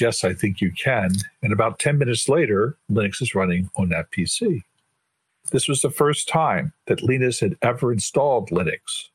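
An older man with a husky, slightly rough voice tells a long story to a podcast host, playing out each person's lines as he goes. The sound is dry and close, with no room echo. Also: medium pitch. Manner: lively storyteller who acts out quoted dialogue. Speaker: guest, board chair of a tech body. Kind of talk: casual anecdotal storytelling.

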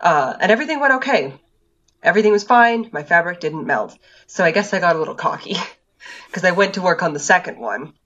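A woman with a very low voice explains things step by step in a measured, casual way. Her mic sounds dull and lo-fi. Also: animated, fairly bright tone. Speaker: podcast co-host. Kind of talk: casual chat.

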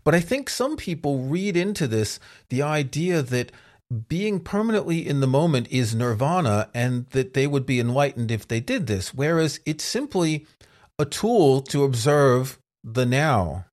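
A man co-hosting a casual podcast discussion, speaking in a thoughtful, measured way. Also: medium pitch, expressive, darkish tone. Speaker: podcast co-host.

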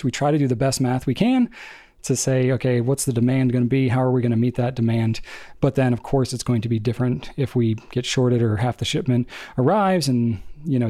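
A man co-hosting a casual podcast, explaining at length in an animated, rambling way. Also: medium pitch. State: out of breath. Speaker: podcast co-host.

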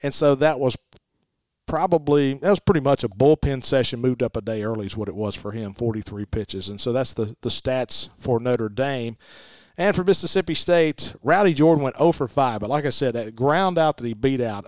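A man hosting a sports talk show, chatting casually about a baseball game and reading the stats in a folksy, animated way. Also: mid-range voice, no echo. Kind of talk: casual sports podcast chat.

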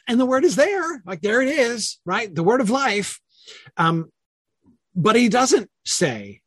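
A man's voice: on the high side, dry recording. A man leading a casual online Bible study, thinking aloud with many fillers and self-corrections and answering chat comments.

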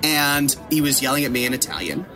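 A middle-aged man, a podcast guest telling an animated, self-deprecating story and laughing at himself. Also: on the high side, a little fast, music in the background, a crowd in the background. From United States.

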